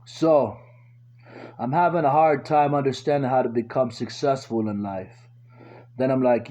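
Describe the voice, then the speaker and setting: A man doing stand-up, running through crude, slangy joke stories and voicing every line of the people in them himself. His voice sits in a middle pitch with a soft, mellow tone. The recording is a little dull and muffled. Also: fairly even intonation, unhurried, long pauses. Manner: crude slangy delivery, acts out quotes himself. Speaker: stand-up comedian. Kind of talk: stand-up jokes told as short stories.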